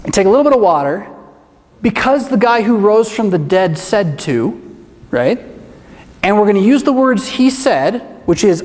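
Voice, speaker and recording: A middle-aged male pastor with a high-sitting voice speaks at a moderate pace, giving an animated, emphatic talk to a church audience and often throwing in rhetorical questions. The long reverb of a large hall fills the recording.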